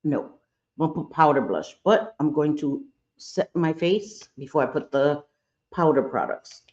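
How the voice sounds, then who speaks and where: A woman's voice: sits low, lively intonation, moderate pace, a little mellow, lo-fi sound. A woman chatting candidly and playfully through a makeup tutorial, with sassy asides, recorded at home. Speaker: makeup vlogger. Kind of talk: casual makeup tutorial chat.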